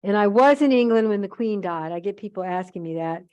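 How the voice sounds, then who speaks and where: A woman's voice: medium pitch, animated, a little fast, mellow, clear, resonant tone, dull audio. An older woman from the United States, a chatty storyteller who acts out the other voices while she demonstrates a craft. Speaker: craft demonstrator at a museum holiday event.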